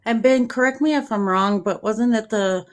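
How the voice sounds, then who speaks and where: A woman's voice: a little high, normal speed. A woman speaking as a guest in a casual discussion, earnestly addressing the audience directly.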